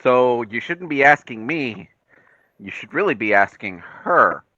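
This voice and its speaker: Male player, lively pitch, bright tone, lawyerly arguing, dull dry sound. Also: unhurried, no echo. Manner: argumentative, lawyerly reasoning. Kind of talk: playing a tabletop game.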